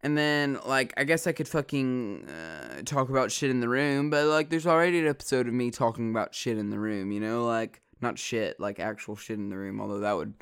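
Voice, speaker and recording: A man's voice: mid-range voice, brisk, hardly any pauses, a bit bright, smooth. Rambling, foul-mouthed man. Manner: swears a lot, rambling with many fillers. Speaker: vlogger. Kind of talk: casual rambling monologue.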